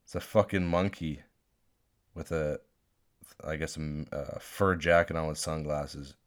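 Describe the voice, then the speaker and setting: A man's voice: extremely low pitch, fairly even intonation, unhurried. A young man hosting a solo podcast, ranting and rambling with lots of swearing and restarts. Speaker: podcast host. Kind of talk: unscripted solo rant. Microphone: phone.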